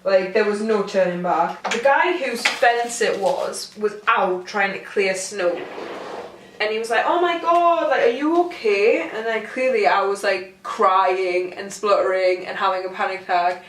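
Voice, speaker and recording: A woman's voice: mid-range voice, fairly even intonation, unhurried, a bit bright, a little hiss or hum. A young woman telling a rambling, self-mocking storytime to camera at home. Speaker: vlogger. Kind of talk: casual storytime chat to camera. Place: room at home. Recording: roomy sound from a far mic.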